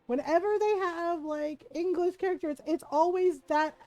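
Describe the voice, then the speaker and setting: A woman's voice: very high voice, moderate pace. A woman streaming a game, chatting casually and laughing as she plays. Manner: chatty, laughing, animated impressions. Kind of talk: casual live-stream commentary.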